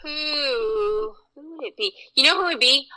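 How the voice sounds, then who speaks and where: A woman's voice: high voice, a little slow, bright, forceful tone, low-quality recording. A woman chef as a podcast guest, chatting in a bubbly way and laughing often. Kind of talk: casual interview chat.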